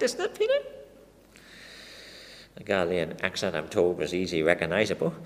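Preacher with lively rhetorical questions. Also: male voice, low voice. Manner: dramatic, with many rhetorical questions put straight to the listeners. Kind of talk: expository sermon. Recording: long reverb of a large hall.

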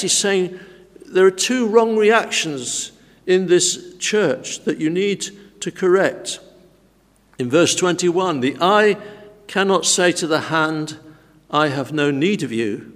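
Slow-preaching man, echoing church hall. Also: on the high side. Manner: slow, deliberate, emphatic teaching. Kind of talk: expository sermon. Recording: church hall with long reverb.

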